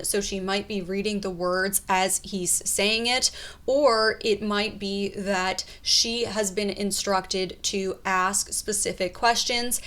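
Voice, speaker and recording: A woman explaining body language in a video commentary, calm and explanatory. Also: mid-range voice.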